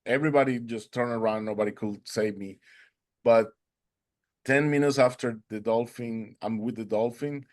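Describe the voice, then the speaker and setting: A man's voice: medium pitch, fairly even intonation, moderate pace, a little mellow. A man whose first language is Spanish, earnestly telling a personal story as an interview guest, with non-native English phrasing. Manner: acts out quoted dialogue in a raised voice.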